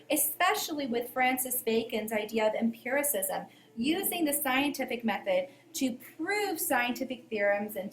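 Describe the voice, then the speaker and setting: A woman with a Southern US accent, co-hosting a history podcast lesson in a chatty way with fillers. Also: high-pitched. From American South. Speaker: history teacher, podcast co-host. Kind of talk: educational podcast discussion. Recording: echoey room, faint hiss.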